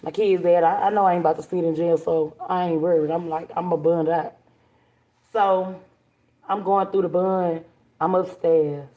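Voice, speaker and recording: A woman's voice: fairly low pitch, moderate pace. Blunt woman telling a story. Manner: animated, blunt, swears freely. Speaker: livestream host. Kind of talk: casual storytelling to viewers.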